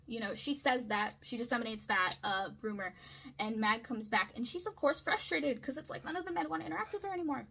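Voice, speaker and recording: A woman's voice: fairly high pitch, a bit bright, a little hiss or hum, low-quality recording. A woman talking through a literary analysis in a casual, chatty way, often checking in with "right?" and "okay?". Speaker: video essayist.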